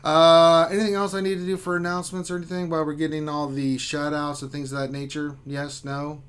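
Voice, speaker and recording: A man hosting a gaming live stream in relaxed, rambling chat. His voice sits a bit high for a man, and he rushes through announcements in quick bursts. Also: clean tone, soft background music. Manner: loose and rambling, fast bursts. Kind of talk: casual chat.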